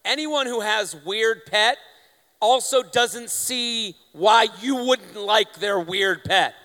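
A man with a high, bright, ringing voice hosts a live comedy show, talking with plenty of energy and working the crowd. His voice carries a long reverb from the venue. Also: slow. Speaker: host.

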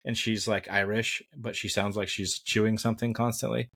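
A man with a lowish voice co-hosts a casual podcast. He talks bluntly and with energy, rambling through his points with plenty of fillers. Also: level tone, normal speed, fairly bright tone, slightly rough. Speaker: podcast co-host.

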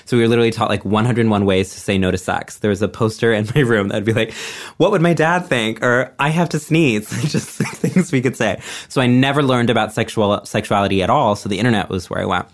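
A man's voice: fairly low pitch, steady tone, quick pace, hardly any pauses. A young adult guest from Texas, telling stories in a casual podcast chat and acting out what he and others once said. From Texas, USA. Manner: storytelling, acts out own past quotes. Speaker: guest, performance artist and writer.

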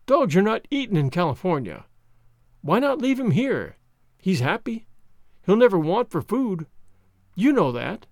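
A man reading a storybook puts on a higher voice for an earnest young wife who pleads passionately. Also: very animated, a little fast, no room sound, clean studio sound. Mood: pleading.

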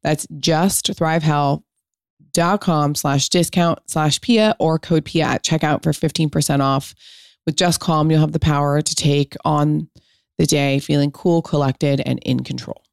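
A woman's voice: deep voice, fairly even intonation, measured pace, vocal fry, no room sound, studio quality. A woman in her thirties hosting a podcast, chatting enthusiastically and telling stories, and reading an ad. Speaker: podcast host. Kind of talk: casual chat and read ad.

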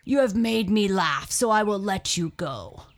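A woman's voice: mid-range voice, animated, a little slow. A woman voicing a huge, proud and grumpy male lion who roars and scoffs in a storybook tale. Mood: scornful. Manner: loud roaring scornful.

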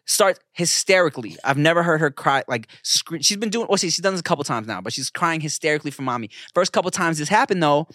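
A man's voice: a little high, expressive, fast talker, few pauses, a bit bright, no echo, studio quality. A man in his thirties co-hosting a podcast, telling family stories in a laid-back way full of slang and swearing. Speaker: podcast co-host. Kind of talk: casual podcast chat.

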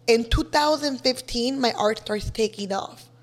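A woman's voice: on the high side, normal speed. A young woman from Los Angeles, a guest artist in a casual interview, telling stories with lots of energy and cursing freely. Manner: energetic, swears freely, mixes in a second language.

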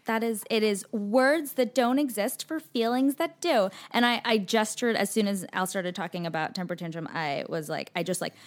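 A young adult woman chatting casually as a podcast guest, animated and full of restarts and fillers. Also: mid-range voice, moderate pace, few pauses. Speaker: podcast guest, actress and author. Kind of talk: casual chat.

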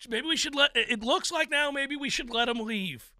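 A man's voice: high-pitched, huge pitch swings, moderate pace, creaky, a bit bright, husky, no echo, studio quality, exaggerated voice. A man voicing a flustered, anxious older male sports executive who talks in a fretful, pleading way.

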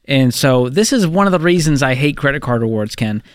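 A man's voice: mid-range voice, animated, a little fast, dry recording, clean studio sound. Wry, opinionated man co-hosting radio. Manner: opinionated, wry, reels off numbers. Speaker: radio co-host. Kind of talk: casual talk radio chat.

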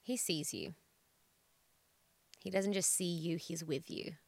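A woman's voice: on the low side, slow pace, vocal fry, dry recording. A woman with an Australian accent, a guest in a faith interview, speaking earnestly and encouragingly. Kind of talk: faith-based interview chat.

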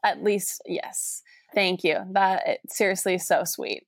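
A young woman co-hosting a podcast in casual chat, teasing and quick to laugh. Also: lowish voice, no room sound, studio quality. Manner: giggly, teasing. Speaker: podcast co-host.

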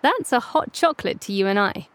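A woman narrating a children's story in a playful, lively reading voice. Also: mid-range voice, brisk, dry recording.

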